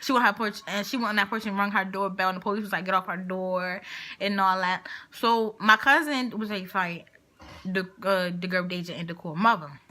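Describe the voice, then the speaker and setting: Speaking briskly at medium pitch, a young woman vlogger retells a story in relaxed slang. She brings it to life by acting out everyone's quotes.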